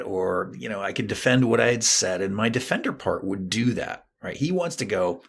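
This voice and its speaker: A man's voice: fairly low pitch, brisk, vocal fry, few pauses, a little hiss or hum. A middle-aged man, a therapist and guest on a podcast, telling a personal story and acting out what people said. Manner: animated storytelling, acting out quoted lines.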